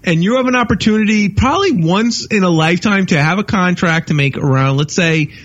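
A man's voice: sits high, a little fast, a bit bright, muffled recording. A man hosting a radio talk show, reasoning through the banter and reading chat room comments aloud. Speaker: host.

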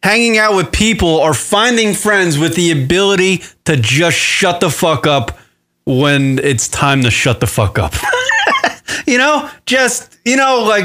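A man's voice: high voice, expressive, a little slow, bright, forceful tone. A man co-hosting a radio show, bantering in casual chat with a profane, sardonic manner. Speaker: podcast co-host.

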